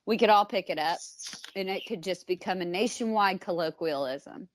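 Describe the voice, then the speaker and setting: A woman's voice: on the low side, normal speed, no room sound. A woman from Texas with a Texan accent, co-hosting a podcast in brash, joking casual chat. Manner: brash, joking, swears freely. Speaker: podcast co-host.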